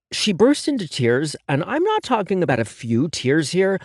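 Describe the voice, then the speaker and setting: A man narrates a first-person audiobook with a sassy, sarcastic edge and plenty of swearing. His pitch moves a lot, and the close-miked sound is dry. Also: huge pitch swings, moderate pace, slightly rough, no echo.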